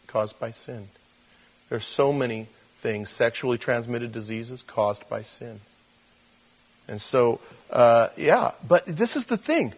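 A man preaching a relaxed, conversational sermon. He rambles a bit and leans on fillers, and now and then he jumps into the voices of the people he quotes. His voice sits at a middling pitch for a man. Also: gravelly, poor audio. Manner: casual, loose, many fillers, acts out quoted voices. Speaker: pastor.

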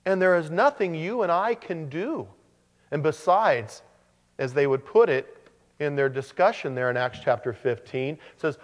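A man preaching a sermon, animated, with joking asides and frequent restarts. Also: fairly high pitch, normal speed, long reverb tail, lo-fi sound. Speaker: pastor.

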